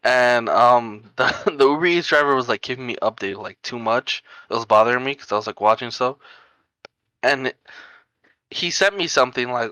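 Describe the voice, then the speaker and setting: Bright-voiced blunt young man chatting. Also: medium pitch, expressive, moderate pace, clear, resonant tone, dry recording, low-quality recording. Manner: blunt, unfiltered, laughs often. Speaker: podcast co-host. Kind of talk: casual chat.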